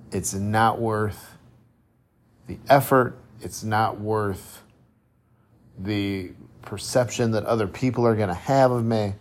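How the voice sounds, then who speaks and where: Male podcast host, fairly low voice, reflective conversational self-help monologue. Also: a little slow. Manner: reflective, conversational, with frequent restarts and rhetorical questions. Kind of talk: solo motivational podcast monologue.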